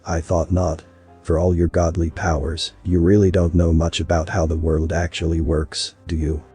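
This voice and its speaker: A man's voice: little pitch movement, moderate pace, mellow, faint music behind. A man reading as a mocking vengeful human. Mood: bitter. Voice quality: deep husky voice. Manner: mocking and bitter. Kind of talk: audiobook story reading.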